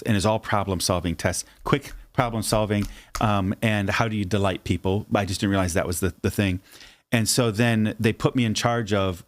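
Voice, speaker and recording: A man in his fifties talks in a fairly low voice on a casual Bible podcast. He tells animated stories and slips into the voices of the people in them. The talk is relaxed. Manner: animated storyteller, acts out voices. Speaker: podcast co-host. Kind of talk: casual Bible study chat.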